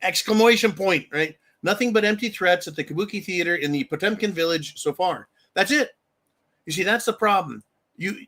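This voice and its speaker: A man's voice: sits high, pushed and bright. A man hosting a political commentary show, ranting angrily and emphatically, with frequent profanity. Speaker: host.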